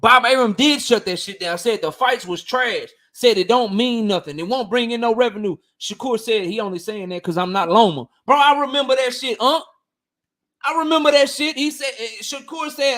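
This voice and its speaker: Heated, profane boxing livestream host. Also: male voice, very high-pitched, normal speed, a bit bright. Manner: blunt, profane and heated, repeating himself. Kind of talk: livestream commentary reading chat.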